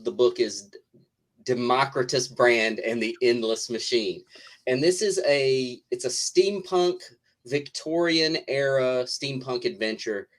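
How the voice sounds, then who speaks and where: A man who is a comic writer, chatting casually as a guest in an interview, wry and joking, with lots of restarts. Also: medium pitch.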